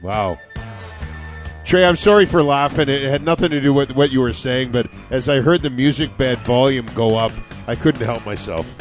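A man's voice: mid-range voice, moderate pace, faint music behind. A man co-hosting a casual talk radio show, bantering and laughing easily.

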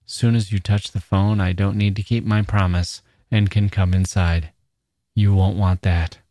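A man reading the part of a menacing, smooth-talking male stalker, coaxing in a casual drawl full of slang. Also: deep voice, little pitch movement, unhurried, dark tone, no echo, studio quality.

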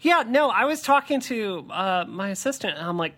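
A woman co-hosting a podcast in casual chat, animated and coaxing, laughing often. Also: fairly low pitch, a little fast, few pauses. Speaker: podcast co-host.

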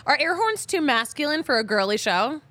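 A woman hosts a sports podcast in a chatty, joking way, with a casual swear here and there. Her voice is bright and a little higher than most. The studio sound is dry, with no room echo. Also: big pitch swings, a little fast. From Philadelphia. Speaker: podcast host.

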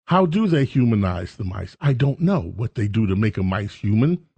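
A man's voice: fairly low pitch, very animated, normal speed, dark tone, slightly rough. A man hosting a talk radio show, rambling through a jokey, self-mocking monologue.

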